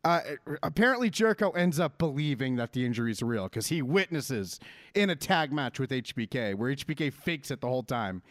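A man's voice: medium pitch, big pitch swings, fairly quick, no room sound, clean studio sound. A man co-hosting a casual wrestling chat, ranting animatedly and swearing freely. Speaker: podcast co-host.

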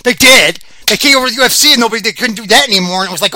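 A man hosting a sports podcast, chatting in a rambling, excitable way and laughing often. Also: extremely high pitch, very fast, no echo. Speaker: podcast host. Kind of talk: casual rambling sports chat.

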